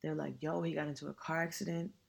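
A young adult in their twenties tells a painful memory on a podcast. The talk is loose and earnest, thick with slang and swearing, at a mid pitch. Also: level tone, fast talker, creaky, slightly rough. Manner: casual, slang-heavy and profane, earnest. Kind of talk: personal storytelling.

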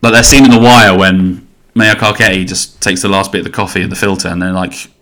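A man's voice: low-pitched, level tone, fairly quick, bright, forceful tone. A man in his thirties hosting a solo podcast, rambling casually and swearing as he goes. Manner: rambling, sweary, self-interrupting. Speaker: podcast host.

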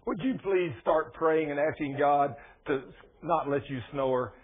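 A man preaching in a folksy, colloquial style and spinning lively personal stories. His voice sits high for a man. The sound is thin and tinny, like a radio broadcast heard over a phone line. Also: measured pace. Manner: folksy, colloquial, animated storytelling. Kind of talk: folksy sermon with storytelling.

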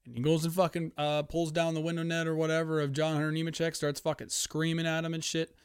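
A man from Canada hosting a podcast, chatting casually in a profane, excitable, rambling way on a headphone-wearing podcast setup. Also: on the high side, quick pace, smooth, no room sound, clean studio sound. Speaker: podcast host. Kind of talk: casual chat. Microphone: headphones, podcast mic.

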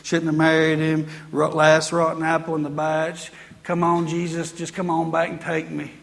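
A man's voice: fairly high pitch, monotone, normal speed, creaky, fairly bright tone, in a large hall, pitched below the performer's own voice. A man voicing a gloomy, complaining middle-aged wife who grumbles about her husband, in a sermon. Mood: glum grumbling. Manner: grumbling, self-pitying.

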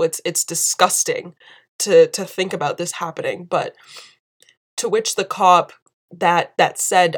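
Indignant woman with a low voice. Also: unhurried, breathy edge. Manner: emphatic and indignant, repeating phrases for force. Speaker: video commentator. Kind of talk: impassioned commentary.

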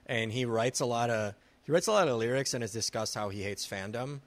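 A man's voice: medium pitch, brisk, dry recording. A man co-hosting a podcast in casual chat, easygoing as he steers the questions. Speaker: podcast co-host.

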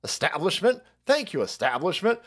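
A fawning grown man gushes over authority in a raised, swooping voice, as a ranting man mocks him. The tone is sarcastic and exaggerated, with pitch leaping up and down. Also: sing-song, normal speed, fairly bright tone, breathy edge, exaggerated voice. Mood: mocking. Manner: sarcastic, mocking.

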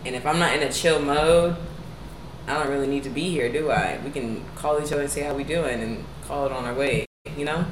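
Low-voiced woman chatting candidly in an echoey room. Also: a little fast. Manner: chatty, candid, lots of "like" fillers. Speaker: podcast co-host. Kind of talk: casual chat. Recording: echoey room, light noise.

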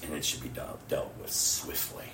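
A man preaching a sermon to his church, rising to loud exclamations and dropping to hushed near-whispers, laughing often. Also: moderate pace, noisy background. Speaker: pastor. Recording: roomy, from far off the mic. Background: congregation responses.

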